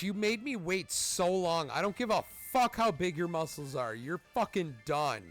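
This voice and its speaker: A man's voice: high voice, animated, normal speed, hardly any pauses, faint music behind. A man in his thirties doing let's play commentary as a gaming streamer, cursing freely and ranting at the game. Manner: profane, ranting, trash-talks the game.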